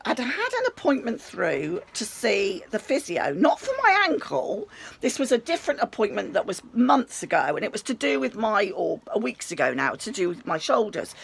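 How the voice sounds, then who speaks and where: A British woman telling a rambling, animated story in a chatty storytime vlog, swearing casually. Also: mid-range voice, gravelly, slightly rough. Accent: British English. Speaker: vlogger.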